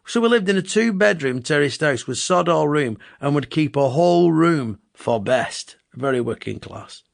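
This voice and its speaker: A man in his fifties with a Bolton accent, reading his own comic memoir with wry, deadpan asides. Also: fairly high pitch, normal speed, vocal fry, no echo, clean studio sound. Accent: Bolton, Lancashire. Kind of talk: comic memoir audiobook narration.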